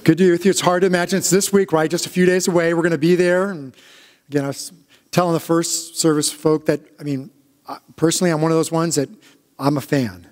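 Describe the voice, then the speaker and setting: A male pastor giving a conversational sermon, telling stories in a halting way with frequent restarts. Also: fairly high pitch, steady tone. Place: church sanctuary. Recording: long church reverb.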